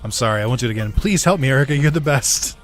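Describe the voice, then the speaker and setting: A man streams a video game with casual let's-play commentary, giggling and laughing often, swearing, and ranting about the story. His voice is medium-pitched, animated, and very fast, with soft music playing in the background.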